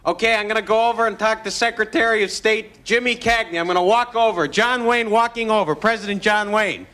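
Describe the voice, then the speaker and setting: An actor playing a comedian with a gruff drawl, doing a swaggering impression. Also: male voice, high voice, brisk, bright, forceful tone.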